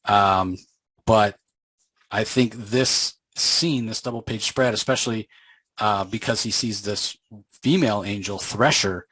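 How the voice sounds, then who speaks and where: A man's voice: on the low side, fairly bright tone, breathy edge, no room sound, poor audio. A man casually recapping a comic book story in a loose, conversational way, with plenty of fillers.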